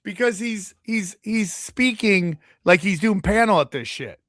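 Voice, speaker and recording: A man's voice: high voice, a little slow, no room sound, studio quality. A man hosting a podcast, chatting casually, swearing freely and acting out the people in his stories. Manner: animated, swears freely, acts out quotes. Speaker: podcast host. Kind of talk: casual chat, storytelling.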